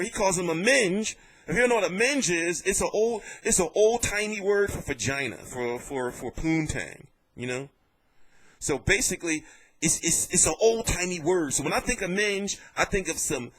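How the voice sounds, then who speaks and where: A man giving casual vlog commentary on boxing, telling it in an animated, jokey and profane way. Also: high-pitched, normal speed.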